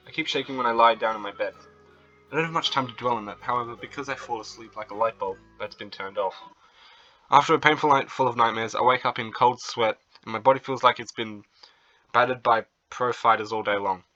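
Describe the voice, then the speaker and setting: A young man reading a visual novel aloud as its narrator, then breaking into excited, flustered reactions. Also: mid-range voice, fairly quick, lo-fi sound, soft background music.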